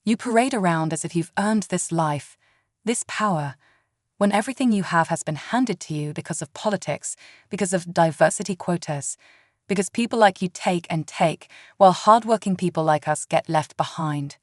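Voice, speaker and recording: A woman's voice: on the low side, normal speed, no room sound, studio quality, natural voice. A woman narrator voicing a resentful woman flight attendant, speaking with hostility. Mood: hostile. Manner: tense, hostile.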